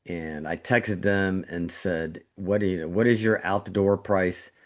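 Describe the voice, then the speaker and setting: A man's voice: deep voice, steady tone, measured pace. A middle-aged man, a surgeon co-hosting a podcast, telling a story in casual chat, his voice jumping up when he gets indignant. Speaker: trauma surgeon, podcast co-host.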